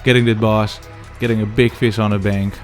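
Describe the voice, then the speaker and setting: Earnest low-voiced angler talking to camera. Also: male voice, level tone, fairly quick, faint music behind. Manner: earnest, addresses viewers as "boys", slightly non-native phrasing. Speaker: angler and filmmaker. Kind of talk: reflective talk to camera.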